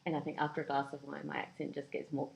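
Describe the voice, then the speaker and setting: A woman with a New Zealand accent speaks in a low register. She chats casually as an interview guest, laughing often and poking fun at herself. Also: little pitch movement, quick pace, gravelly, darkish tone, low-quality recording. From born in England, raised in Yemen and New Zealand. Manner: laughs often, chatty and self-deprecating.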